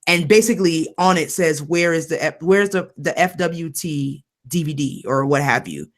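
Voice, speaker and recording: A woman's voice: low-pitched, moderate pace. Emphatic woman podcast co-host. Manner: animated, emphatic, repeats herself, slangy. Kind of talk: casual chat.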